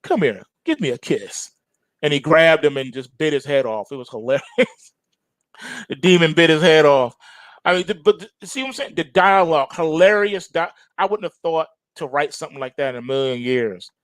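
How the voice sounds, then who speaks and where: Middle-aged male show host, fairly high voice, casual and animated with lots of fillers, dry close mic. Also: fairly quick, no room sound. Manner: animated, repetitive, chuckling, with many fillers. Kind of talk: casual rambling commentary.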